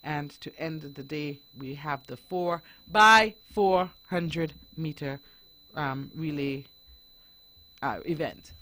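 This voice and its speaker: A woman's voice: low-pitched, takes it slowly, a bit bright. A woman hosting a radio talk show, earnestly urging parents to act. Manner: earnest, exhorting parents directly. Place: radio studio.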